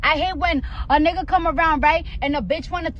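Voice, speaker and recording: Brash, high-voiced woman chatting to camera. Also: fairly quick, dull audio. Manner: brash, profane, playful. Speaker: celebrity vlogger. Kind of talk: casual monologue to camera.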